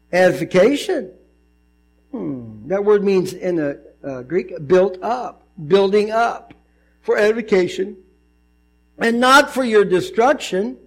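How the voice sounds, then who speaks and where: A male pastor giving a conversational, animated sermon, often acting out voices in his stories. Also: sits high.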